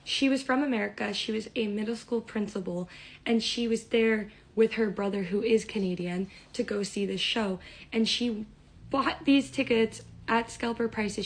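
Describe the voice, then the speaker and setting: A young woman telling a storytime in an excited, rambling way. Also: mid-range voice, gravelly, rough recording. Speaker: vlogger.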